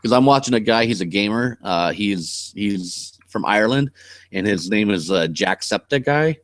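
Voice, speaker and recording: A man's voice: on the low side, animated, normal speed, a bit bright, no room sound, clean studio sound. A man with a West Coast American accent chatting casually on a live stream as the channel host, blunt, rambling and cursing freely.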